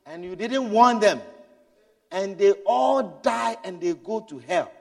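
A man preaching a sermon, swinging between loud, urgent exhortation and low, hushed storytelling. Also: expressive, slow pace, in a large hall.

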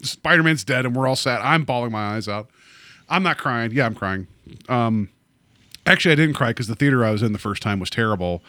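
A man chatting casually about a movie, animated and rambling, full of fillers and restarts. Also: mid-range voice, a little fast, no room sound.

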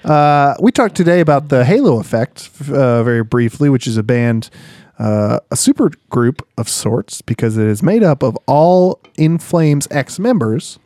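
A man hosting a podcast in casual chat, quick with dry jokes. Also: medium pitch, animated, mellow, dry recording. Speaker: podcast host.

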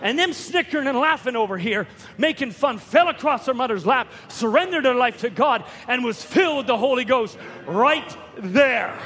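A man preaching a sermon, telling a story with repeated words and rising to shouts at key points. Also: very high-pitched, animated, normal speed. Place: church hall. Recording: long reverb of a church hall.

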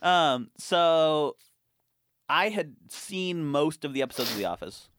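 A man's voice: a little high, expressive, measured pace, a bit bright, no room sound, studio quality. Young man rambling on a podcast. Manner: swearing, laughing, rambling storyteller. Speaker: podcast host. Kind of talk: casual podcast chat.

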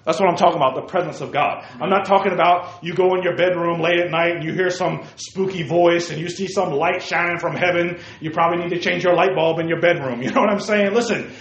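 A man preaching a sermon to young people, lively, calling listeners by name and asking them questions, swinging from loud outbursts to hushed asides. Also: high-pitched, echoey room, low-quality recording. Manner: addresses listeners by name, asks rhetorical questions. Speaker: youth preacher.

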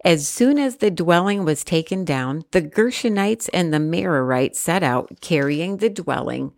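Woman, low register, measured scripture reading, dry close sound. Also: creaky, dry recording. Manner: steady, measured reading with careful pauses. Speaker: scripture reader.

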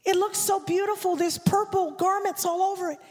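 A woman preaches a fervent sermon as a guest speaker, her voice very high as it climbs into shouts and a sung, rhythmic cadence. Long reverb from the church hall trails behind every phrase of her handheld-mic delivery. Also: fairly even intonation, a little fast. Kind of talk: impassioned sermon. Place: church sanctuary. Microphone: handheld microphone.

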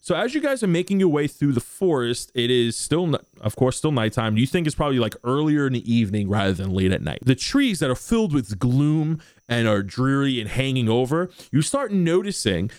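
Relaxed game master narrating. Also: male voice, mid-range voice, fairly quick, hardly any pauses, dry recording, clean studio sound. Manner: relaxed, rambling description with many fillers.

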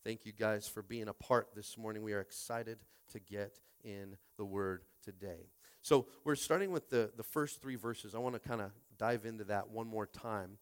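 A man's voice: lowish voice, normal speed, few pauses, smooth. A man preaching a Sunday sermon as pastor, stumbling over repeated words and rallying his listeners.

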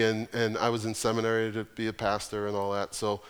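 A male pastor preaching an earnest, emphatic sermon with deliberate pauses. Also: lowish voice, level tone, clear, resonant tone, in a large hall.

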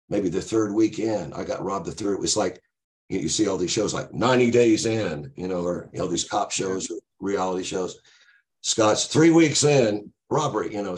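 An older man with a very low voice spins a rambling anecdote for a podcast. He doubles back, piles on fillers and laughs at his own story as he goes. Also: darkish tone. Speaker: guest musician. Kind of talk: casual anecdote telling.

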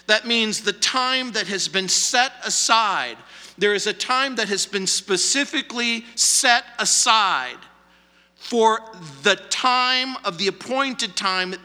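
A pastor preaching a verse-by-verse sermon, asking questions of the text and answering them, with repetition for emphasis. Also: male voice, high-pitched, bright, forceful tone, long reverb tail. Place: church sanctuary.

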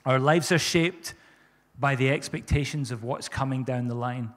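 A man's voice: medium pitch, moderate pace, in a large hall. A man preaching a sermon as pastor, fervent and repeating his phrases for emphasis.

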